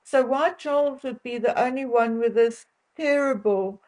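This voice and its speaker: A woman's voice: a little high, a little slow, darkish tone, rough recording. An older South African woman chatting casually to her viewers, opinionated and chatty, often laughing between remarks. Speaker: vlogger.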